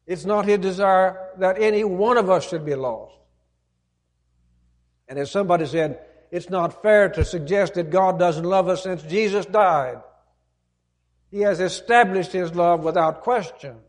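Brief: a preacher with a fairly high voice, earnest and emphatic, retelling a parable in a sermon. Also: male voice, measured pace.

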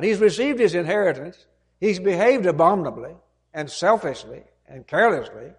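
Brief: a preacher with a fairly high voice, earnest and emphatic, retelling a parable in a sermon. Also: male voice, expressive, moderate pace.

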